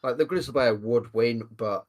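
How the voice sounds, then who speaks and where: A man's voice: medium pitch, moderate pace, darkish tone. A man co-hosting a casual talk show, chiming in with blunt, profane quips. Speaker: podcast co-host. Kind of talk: casual chat.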